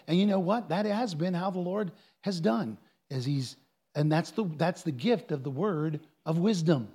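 A high-voiced man preaching as a pastor, animated and lively. He answers questions from the congregation and acts out the people in his stories. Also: moderate pace, breathy edge. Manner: animated preaching, with quoted voices and bursts of singing.

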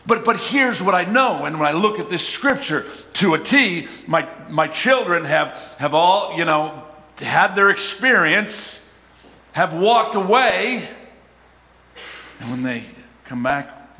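A middle-aged man preaching a sermon as a pastor, talking conversationally and rising to shouts for emphasis. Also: mid-range voice, expressive, normal speed, creaky, slight background noise. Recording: hall reverb, faint ambience.

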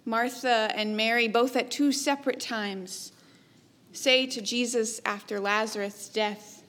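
A woman preaching a sermon, her voice sitting a little high for a woman. She speaks slowly and deliberately, with a measured, reflective delivery and softly trailing endings. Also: steady tone.

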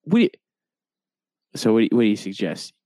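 A man's voice: fairly low pitch, sing-song, quick pace, warm tone, no room sound. Dry-talking young man, dead-dry sound. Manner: dry, joking, puts on goofy voices. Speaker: podcast co-host. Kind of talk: casual comedic chat.

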